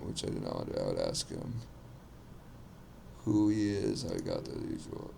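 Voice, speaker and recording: A man reading a video game's text out loud, breaking off for crude asides of his own. His voice sits low and gravelly, with a lot of fry, yet it swings widely in pitch as he reads. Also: wildly swooping pitch, normal speed, long pauses, a little hiss or hum. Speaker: gaming video host.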